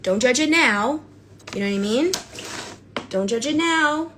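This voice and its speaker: Gushing, excitable woman livestreaming her painting. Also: high-pitched, measured pace, slight background noise. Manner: excitable, gushing, bursts into squeals and shouts. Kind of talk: casual livestream chat while painting.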